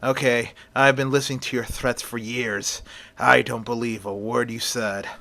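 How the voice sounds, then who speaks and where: A man's voice: mid-range voice, level tone, moderate pace, gravelly, pushed and bright. Sly old rat catcher, taunting, a man plays him.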